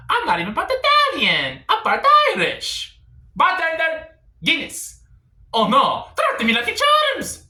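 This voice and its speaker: A man putting on a loud, cartoonish video-game plumber caricature with an overdone sing-song comic accent, shouting some words. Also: sits high, echoey room, pitched above the performer's own voice, heavily acted.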